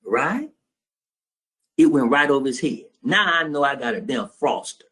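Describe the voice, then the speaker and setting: A man with a medium-pitched, slightly bright voice and lively intonation talks at normal speed while teaching a trading class. In this storytelling lecture to students, he tells a blunt, profane story and acts out both sides of a phone call.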